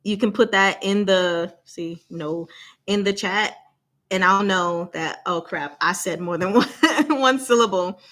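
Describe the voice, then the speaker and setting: Slow-talking young woman hosting a livestream. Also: medium pitch, fairly bright tone. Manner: laughs often, slow deliberate delivery. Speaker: channel host. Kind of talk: casual livestream chat.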